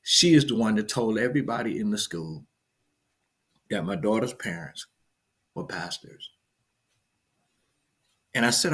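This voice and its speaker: Lively middle-aged pastor, man. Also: lowish voice, unhurried, pauses often, husky. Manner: lively, swings from loud greetings to hushed storytelling; chatty, greets viewers by name. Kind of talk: casual livestream morning sermon.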